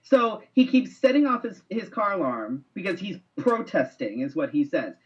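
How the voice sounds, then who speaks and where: A man with a slightly high voice tells a story on a live web talk show, swearing freely and acting out what people said. The sound is muffled and lo-fi, like streamed call audio. He talks in a loose, casual way. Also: moderate pace. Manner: profane, animated storyteller. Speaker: co-host.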